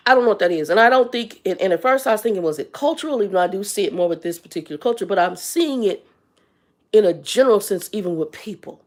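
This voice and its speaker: Speaking quickly with an expressive, mid-range voice, this Arizona woman in her fifties rants as host of her own live stream. She's blunt and exasperated, addressing viewers directly.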